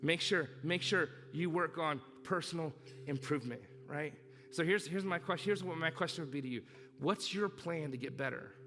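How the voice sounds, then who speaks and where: Emphatic pastor preaching in a reverberant hall. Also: male voice, a little high. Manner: emphatic, repeats key lines, rises to loud urging. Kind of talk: sermon. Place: church hall. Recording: long church reverb with music behind.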